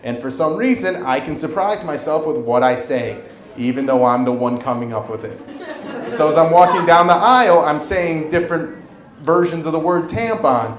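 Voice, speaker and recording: A man in his forties performing a stand-up comedy set on a club stage, telling an animated story and acting out the voices of the people in it. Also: fairly high pitch, moderate pace. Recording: roomy live club recording with crowd laughter. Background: audience laughter.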